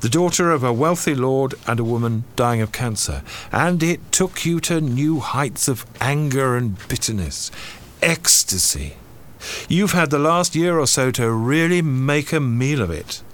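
An actor playing a priest who questions a suspect in a measured, probing, sardonic way. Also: male voice, mid-range voice, lively intonation, a bit bright. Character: shrewd male priest interrogating a suspect. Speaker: priest investigator.

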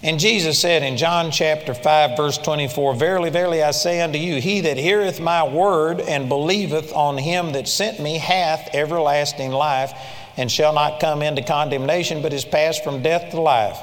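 A male preacher with a notably high voice, delivering a sermon with emphatic swings between loud peaks and hushed low asides. His voice rings with a long reverb, as in a big hall. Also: moderate pace.

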